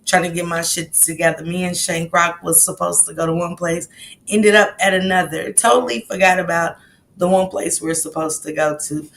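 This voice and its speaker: A woman with a gravelly, fry-heavy voice hosting a relaxed livestream chat. She talks easily and greets viewers by name one after another, over a faint low rumble. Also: normal speed. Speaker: livestream host.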